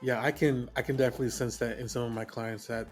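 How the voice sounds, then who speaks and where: A counselor co-hosting a podcast, speaking in a measured, supportive way. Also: mid-range voice, little pitch movement, darkish tone, faint music behind. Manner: supportive, measured, agreeable listener. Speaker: counselor and co-host. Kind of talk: casual conversational podcast.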